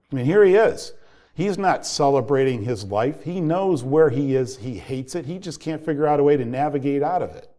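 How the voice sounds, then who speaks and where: A man's voice: fairly high pitch, a little mellow. A man in his fifties who coaches parents, telling a personal story in an earnest, reflective way that builds to heated emphasis. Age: 50s.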